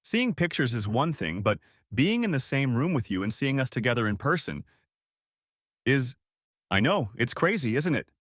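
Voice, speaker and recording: A man's voice: mid-range voice, very animated, moderate pace, a bit bright, dry recording, studio quality. A man voicing a charming, wealthy male film star with a thick French accent. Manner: suave, courteous.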